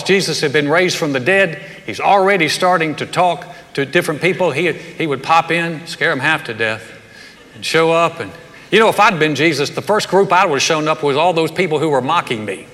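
A man delivers a sermon with a bright, forceful voice that sits a little high. He tells the story casually and animatedly and slips in jokes. The recording has the long reverb of a hall. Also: normal speed. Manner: conversational, animated storytelling with humor. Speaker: pastor.

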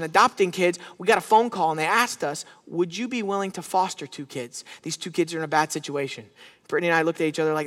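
Pastor guy preaching, pretty high voice, big echoey church hall, gets fired up and calls out to the crowd. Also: a bit bright. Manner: preaching with rising fervor, calls to the congregation. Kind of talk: sermon.

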